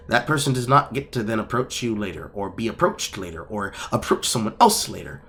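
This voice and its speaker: A man's voice: lowish voice, expressive, brisk, few pauses, a bit bright, husky. A man hosting a live-streamed podcast, lecturing emphatically and swearing freely as he makes his points. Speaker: podcast host. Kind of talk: casual podcast commentary. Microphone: streaming mic.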